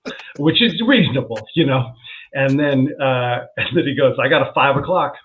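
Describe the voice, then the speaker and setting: A man's voice: mid-range voice, lively intonation, moderate pace, slight background noise. A man, a comedian guest, telling a story in casual chat, laughing as he goes and acting out what people said. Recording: tinny phone-like line.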